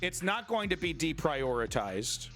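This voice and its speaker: A man's voice: on the high side, very animated, unhurried, a bit bright, soft background music. A man hosting an online political commentary show, ranting in a profane, combative and sarcastic way.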